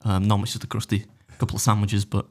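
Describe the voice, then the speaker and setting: A man's voice: fairly low pitch, completely flat delivery, very fast, darkish tone. A man telling a story in casual podcast chat, rambling and self-deprecating, with plenty of swearing. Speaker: podcast guest, food challenge YouTuber.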